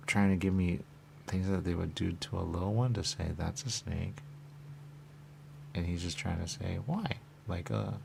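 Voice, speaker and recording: A man's voice: low-pitched, vocal fry, slight background noise. A man in a rambling, repetitive monologue, muttering questions and then answering them himself. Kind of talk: rambling stream-of-consciousness monologue.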